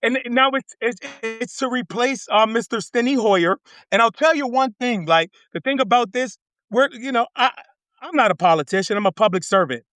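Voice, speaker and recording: Man, congressional candidate, passionate, repeats himself, bright tense tone. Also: very high-pitched, normal speed, dry recording. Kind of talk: fired-up casual talk.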